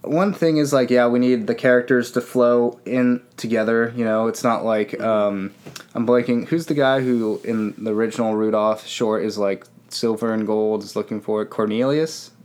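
A man's voice: medium pitch, steady tone, normal speed, darkish tone. A man co-hosting a casual podcast chat, easygoing, chiming in with quips and questions. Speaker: podcast co-host. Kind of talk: casual chat reviewing a holiday special.

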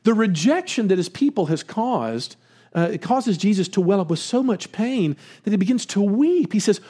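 A man preaching a sermon in an animated way, with chuckles and slowed emphasis on key words. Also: high voice, slightly rough. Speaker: pastor.

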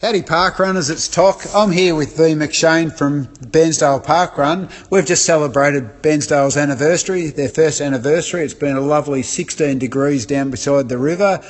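A man roving around as a reporter, putting breezy questions to a guest. His voice sits a little high. A long reverb trails each line. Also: normal speed, few pauses. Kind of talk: casual interview.

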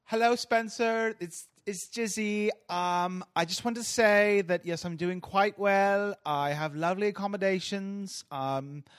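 A man's voice: high voice, a little slow, hardly any pauses, clear, resonant tone, voice pushed up. A man doing a prim, chirpy jailed socialite lady. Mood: mock cheerful.

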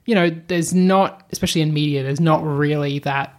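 A woman co-hosting an anime podcast, retelling the plot in a chatty, animated way full of fillers. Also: deep voice, moderate pace. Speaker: podcast co-host. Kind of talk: casual anime podcast chat.

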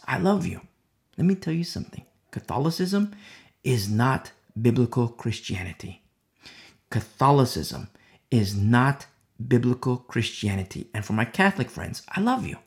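A man's voice: a little high, creaky. A man giving a conversational verse-by-verse sermon as a Bible teacher. He is emphatic, repeats key phrases and drops many "you know" asides.

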